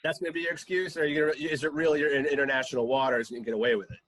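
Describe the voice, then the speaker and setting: A man's voice: on the high side, level tone, very fast, fairly bright tone. A man co-hosting a podcast, throwing in wry, teasing quips. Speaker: podcast co-host. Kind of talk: casual comedic chat.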